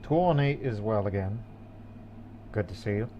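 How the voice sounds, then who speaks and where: A man's voice: lowish voice, lively intonation, measured pace, dark tone, slight background noise. Rambling, jokey male gamer. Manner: rambling and jokey, with many restarts. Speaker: gaming channel host. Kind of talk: casual let's-play commentary.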